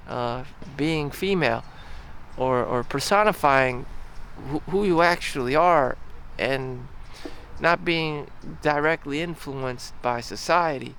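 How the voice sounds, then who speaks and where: A man's voice: on the high side, a bit bright, a little hiss or hum. A young man, talking in a rambling, profane vlog monologue full of fillers and restarts. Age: young adult. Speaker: vlogger. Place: outdoors in a town.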